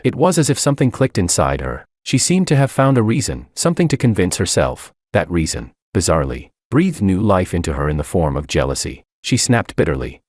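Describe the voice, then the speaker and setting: A man's voice: low voice, darkish tone, no echo, clean studio sound. A man narrating a first-person story in a cold, mocking, unmoved manner.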